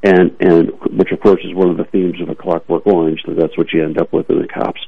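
A man's voice: low-pitched, flat delivery, a little fast, vocal fry, slightly rough. A man giving emphatic, opinionated commentary on talk radio, often repeating words as he starts a thought, heard over a tinny phone-like line.

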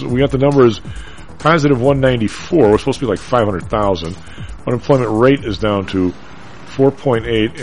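A man's voice: on the low side, rough recording. A man hosting a radio talk show about markets, thinking aloud as he reads figures and stumbles over the data.

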